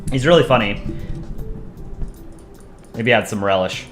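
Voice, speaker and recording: A man's voice: lowish voice, lively intonation, unhurried, echoey room, faint music behind. A man casually chatting with his stream audience while drawing, thinking aloud and answering chat requests.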